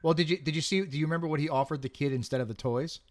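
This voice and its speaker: A man co-hosting a casual movie review podcast, joking crudely and laughing along with quick yeps. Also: on the high side, steady tone. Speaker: podcast co-host.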